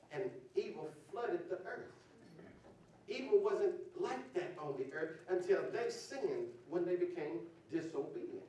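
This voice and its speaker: High-voiced preacher in an echoey hall. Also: male voice, slight background noise. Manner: preaching, climbing into shouts, addressing congregation as y'all. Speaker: pastor. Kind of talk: sermon. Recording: echoey hall, distant mic, faint ambience.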